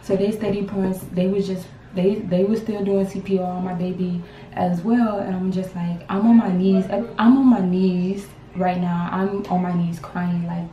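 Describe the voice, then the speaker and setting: A young woman in her twenties, a grieving mother telling her story to camera in a halting, repetitive, emotional way. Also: on the low side, little pitch movement, mellow, slight background noise. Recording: roomy sound from a distance.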